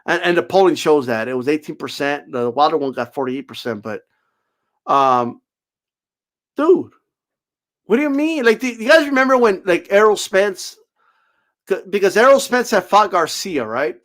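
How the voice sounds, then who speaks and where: A man's voice: sits high, sing-song, moderate pace, long pauses, fairly bright tone. A man giving a profane, sarcastic boxing rant, mocking critics and cutting them off. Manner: profane, sarcastic, mocks critics in put-on voices. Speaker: boxing commentator. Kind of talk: ranting commentary.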